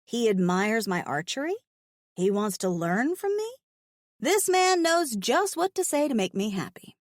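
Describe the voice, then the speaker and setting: A woman's voice: fairly high pitch, sing-song, unhurried, dry recording, clean studio sound. Wry woman narrating a romance audiobook. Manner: frank, wry and playful.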